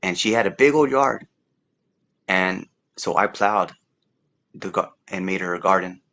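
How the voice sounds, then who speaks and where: Deep-voiced man telling his story haltingly. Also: a bit bright, highs cut off. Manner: rambling, halting with repeated words and fillers. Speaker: interview guest. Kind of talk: casual testimony.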